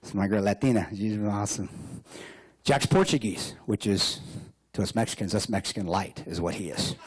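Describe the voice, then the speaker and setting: A man giving a lively storytelling speech as a guest speaker, joking and laughing often. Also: on the low side, moderate pace, breathy edge. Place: hotel banquet room.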